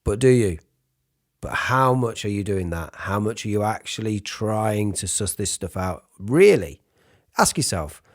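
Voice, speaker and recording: Raspy man coaching singers. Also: on the low side, expressive, a little slow. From United Kingdom. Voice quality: raspy, breathy speaking voice. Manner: informal, demonstrates sounds mid-sentence. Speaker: vocal coach. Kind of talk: singing lesson to camera.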